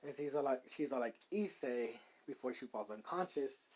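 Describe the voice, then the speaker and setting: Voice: medium pitch, fairly quick, darkish tone, poor audio. A fan story narrator improvising a story aloud, rambling with many fillers. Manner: rambling, many likes and ums.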